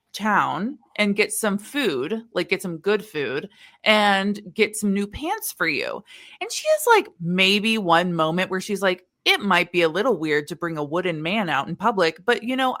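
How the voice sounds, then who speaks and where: A woman's voice: medium pitch, a bit bright. A woman co-hosting a podcast, casually retelling a story's plot and acting out the characters' lines as she goes. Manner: retells plot with quoted voices and laughs. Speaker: podcast co-host. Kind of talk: casual book-recap chat.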